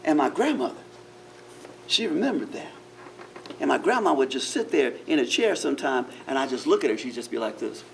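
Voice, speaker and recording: A man spins a living-history tale for a crowd indoors, his pitch swooping widely from line to line. He is playful and theatrical, chuckling often and turning to the audience with asides. A faint hiss sits under the voice. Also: very animated, a little fast, creaky, pauses often. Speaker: park ranger giving a living-history talk. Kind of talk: first-person character storytelling to a live audience.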